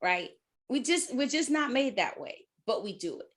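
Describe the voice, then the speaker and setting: A woman's voice: high voice, sing-song, normal speed. A middle-aged woman hosting a coaching talk, casually giving advice, acting out inner voices and laughing often. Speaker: life coach and podcast host.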